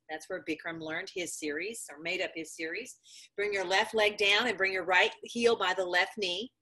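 A woman's voice: mid-range voice, bright, forceful tone, slightly rough. Yoga teacher woman calling out poses. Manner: firm, coaching cues calling students by name. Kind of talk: live yoga class instruction. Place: yoga studio.

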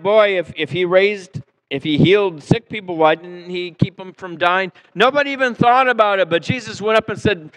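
Male pastor, slightly high voice, lively church sermon, loud-soft swings. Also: normal speed, rough recording. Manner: animated preaching, acting out quotes, swinging between loud and soft. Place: church sanctuary.

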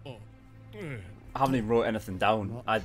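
A man hosting an anime reaction, swearing freely and shouting with disbelief. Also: on the low side, a little slow, soft background music. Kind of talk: reaction commentary.

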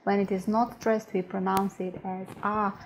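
A woman's voice: mid-range voice, little pitch movement, slight background noise, low-quality recording. A woman with a Russian accent teaching a language lesson, patiently repeating each word. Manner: patient, repeats words slowly.

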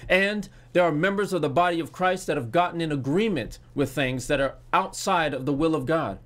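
A man's voice: on the high side, a little fast. Earnest male pastor preaching. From United States. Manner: earnest, repeats words while searching for them. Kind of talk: sermon.

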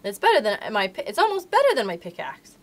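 A woman's voice: medium pitch, wildly swooping pitch, fast. A woman reading aloud and voicing a brave, practical young miner boy who talks in a matter-of-fact way. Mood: excited.

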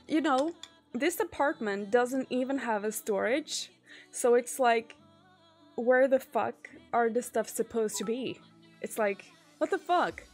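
Slow-talking woman streamer, chatty. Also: fairly high pitch. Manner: chatty, swears often, trails off with fillers. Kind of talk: casual chat with viewers.

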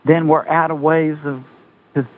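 An older man being interviewed as a guest author, talking in a halting way and often repeating words as he thinks aloud. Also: on the high side, flat delivery. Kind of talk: casual interview talk. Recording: tinny phone line with faint noise.

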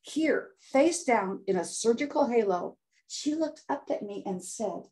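A woman's voice: fairly high pitch, animated, unhurried, hardly any pauses, mellow. An older woman guest on an interview show, telling her story in a dramatic, inspirational way. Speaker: guest health coach.

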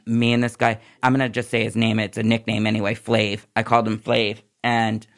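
A man's voice: on the low side, little pitch movement, fairly quick. A man recounting his past in a candid, tumbling way as a podcast guest. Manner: candid, tumbling run-on storytelling. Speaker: podcast guest, former nurse. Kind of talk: personal recovery story in a podcast interview.

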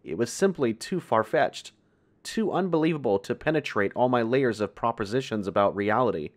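A man narrating a first-person horror story in a tense, measured way. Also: mid-range voice, lively intonation.

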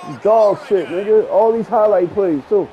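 A man streaming a football video game, trash-talking loudly and boastfully with plenty of profanity. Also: sits high, normal speed, muffled recording. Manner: boastful, profane, loud, laughs a lot. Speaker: gaming streamer. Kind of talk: loud trash-talking gameplay commentary.

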